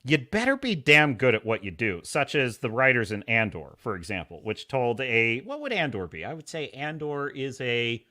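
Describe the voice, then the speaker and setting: A man hosting a live stream, talking in a sarcastic, animated way and reading chat messages aloud. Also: mid-range voice, normal speed, few pauses. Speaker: podcast host.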